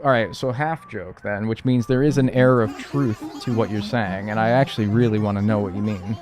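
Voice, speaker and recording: A man chatting casually on a live game stream, ranting with lively energy and swearing freely. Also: lowish voice, normal speed, few pauses. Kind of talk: casual live-stream chat while playing.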